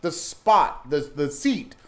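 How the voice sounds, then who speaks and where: High-voiced man ranting in exasperation. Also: lively intonation, takes it slowly. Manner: ranting, repeats himself, exasperated. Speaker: podcast co-host. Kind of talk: casual chat.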